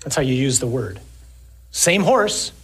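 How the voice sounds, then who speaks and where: Guy preaching a sermon, kinda husky, reads verses slow then chats and jokes. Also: mid-range voice, very animated, fairly bright tone. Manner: reads scripture slowly, then jokes conversationally. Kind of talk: sermon with scripture reading.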